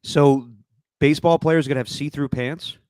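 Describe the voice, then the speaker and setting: A man co-hosting a sports podcast, jokey and excitable, stumbling over his words. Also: on the high side, normal speed, no echo, clean studio sound. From Italian heritage. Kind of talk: casual chat.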